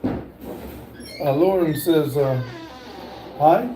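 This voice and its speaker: A middle-aged man hosting a casual livestream, reading viewer comments aloud in a slow, halting way with many "uh" fillers. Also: fairly high pitch, echoey room, noisy background. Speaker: livestream host.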